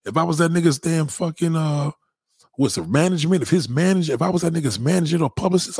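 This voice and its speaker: A man, ranting casually and loudly to his stream viewers, swaggering and laughing often. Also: fairly high pitch, animated, fast talker, breathy edge, no echo, studio quality. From New York. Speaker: live-stream host. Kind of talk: casual profane rant to viewers.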